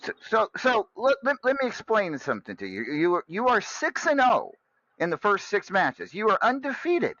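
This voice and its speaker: Lively, bright-voiced male host. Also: high voice, normal speed, no echo, lo-fi sound. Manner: lively, stammering, joking. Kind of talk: casual show hosting.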